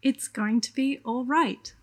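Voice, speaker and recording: A woman player in a tabletop game who speaks in character in a formal, measured, gentle way. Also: high-pitched, slightly rough. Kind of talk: in-character tabletop role-play.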